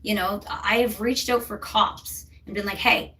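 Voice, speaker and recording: A woman's voice: mid-range voice, fairly even intonation, moderate pace, fairly bright tone, distant mic. A woman co-hosting a casual talk stream, telling her story in a heated, emphatic way. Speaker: co-host. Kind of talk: casual chat.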